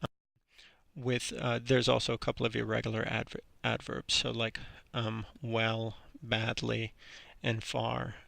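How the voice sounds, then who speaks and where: Gravelly guy walking through a grammar lesson, bright edge, dry close sound, says um a lot. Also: medium pitch, no room sound. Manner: relaxed, halting, with frequent ums and restarts. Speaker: English grammar teacher.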